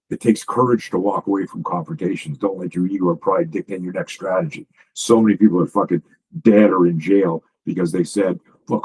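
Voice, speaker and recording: A self-defense coach in a podcast chat, a man with a husky, fairly low voice. He talks emphatically and swears freely, tumbling from one story to the next with quick restarts. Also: a little mellow, rough recording. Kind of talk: casual podcast conversation.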